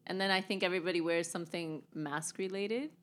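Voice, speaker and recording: A woman's voice: fairly low pitch, steady tone, brisk, a bit bright. A woman co-hosting a podcast in casual chat, laughing often and joking. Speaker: podcast co-host.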